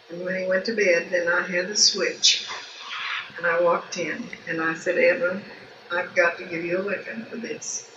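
An older woman recalling her family life in an oral history interview, rambling and folksy, with many restarts. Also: fairly low pitch. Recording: distant, echoey, dull and noisy home recording.

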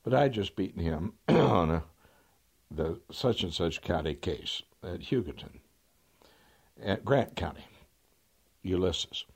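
Older husky-voiced lawyer telling stories. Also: male voice, low-pitched, expressive, takes it slowly, pauses often. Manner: dry, wry raconteur with throat-clearing. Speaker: trial lawyer. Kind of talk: anecdotal storytelling.

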